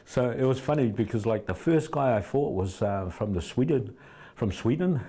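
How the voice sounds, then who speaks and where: A man's voice: medium pitch, animated, moderate pace, mellow, slightly rough. A middle-aged man, telling rambling anecdotes with many restarts as an interview guest. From New Zealand. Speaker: fight trainer, interview guest. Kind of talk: casual interview storytelling.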